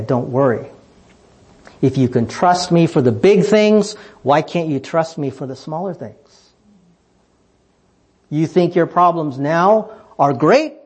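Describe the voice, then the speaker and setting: Emphatic preacher with a higher voice. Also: male voice, a little mellow, slightly rough. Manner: emphatic, rhetorical questions, rising passionately then dropping low. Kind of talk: sermon.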